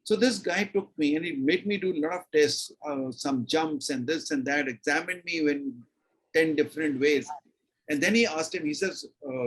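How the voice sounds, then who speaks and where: Husky older Indian man, emphatic storyteller. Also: fairly high pitch, moderate pace, fairly bright tone, poor audio. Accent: Indian English. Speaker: interview guest, retired army brigadier. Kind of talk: storytelling in a conversation.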